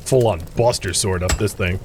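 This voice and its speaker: A man's voice: low voice, normal speed, noisy background. A man hosting a let's play, giving casual gameplay commentary, thinking aloud and talking straight to his viewers. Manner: chatty, thinks aloud, chuckles often; addresses viewers directly.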